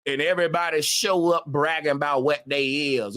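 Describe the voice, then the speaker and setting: A man's voice: fairly high pitch, fairly even intonation, normal speed, noisy background. A man on a livestream, ranting emphatically with a lot of profanity and repetition. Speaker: live streamer. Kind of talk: casual livestream rant.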